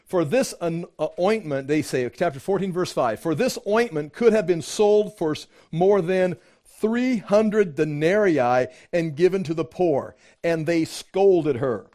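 A man preaching a sermon, teaching from scripture in a conversational, animated way, acting out quoted voices. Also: measured pace. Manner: animated, acts out quoted voices with rising pitch; conversational, with fillers and restarts. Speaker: pastor.

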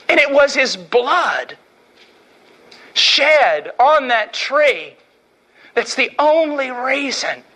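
Fervent high-voiced male preacher. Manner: fervent, swings from hushed to shouting. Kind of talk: impassioned sermon.

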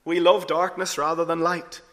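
A man preaching a sermon earnestly, rising to emphatic peaks and then dropping low and soft. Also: little pitch movement, moderate pace. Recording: long hall reverb.

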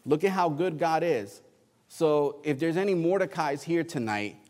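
A male pastor preaches with animated, colloquial storytelling and reads scripture aloud between his asides. His voice sits a bit high for a man. A long hall echo trails every phrase, as in a church sanctuary. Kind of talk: sermon.

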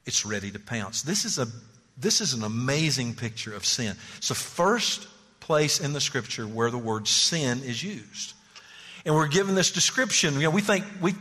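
A man's voice: medium pitch, husky. A man preaching a sermon as pastor, pleading and emphatic, often repeating words as he presses a point. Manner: animated, pleading, emphatic repetitions. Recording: long church-hall reverb.

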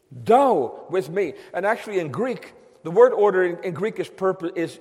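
A man preaching a sermon to his congregation, slow and emphatic, drawing out phrases and dropping suddenly quiet. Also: high voice. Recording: long hall reverb.

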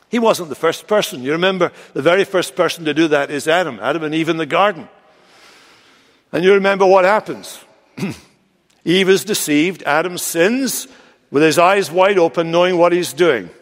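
A male pastor preaching a sermon with expressive delivery, slowing down and lifting his voice for quoted lines. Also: high voice. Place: large church sanctuary. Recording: long church reverb.

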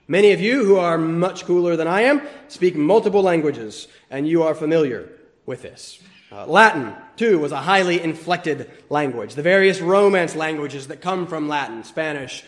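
A man preaching a sermon, swinging between loud emphasis and hushed asides, teasing the congregation now and then. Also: a little high. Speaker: pastor.

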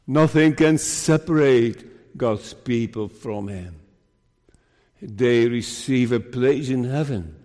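A man preaching an earnest sermon as minister, with slow deliberate delivery and emphatic rises. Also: mid-range voice, darkish tone, in a large hall.

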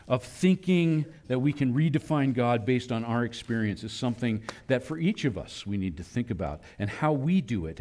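Man preaching an animated sermon. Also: mid-range voice. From Philadelphia area. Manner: animated preaching, voicing God and children in quotes. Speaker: pastor.

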